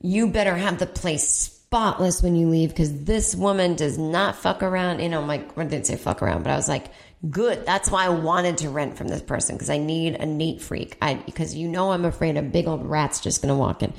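A woman's voice: sits low, normal speed, vocal fry. Chatty profane woman telling a story. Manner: chatty, profane, self-mocking, quotes people in put-on voices. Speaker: comedy podcast host. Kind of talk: casual storytelling monologue. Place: at home.

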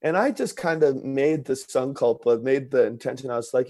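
A man telling a personal story in conversation, earnest and expressive, with many fillers. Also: mid-range voice, moderate pace, hardly any pauses, no echo.

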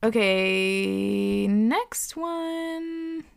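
Woman host reading listener letters, lively and swearing, laughs often, mid-range voice. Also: medium pitch, drawn-out words, gravelly. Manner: animated, expressive, swears often, laughs a lot. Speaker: podcast host. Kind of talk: reading listener stories, casual chat.

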